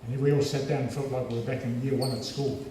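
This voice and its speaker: A man with a New Zealand accent giving a lively, humorous storytelling speech as a guest speaker at a school assembly. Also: mid-range voice, fast, noisy background. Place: large school hall. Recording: echoey hall from far off.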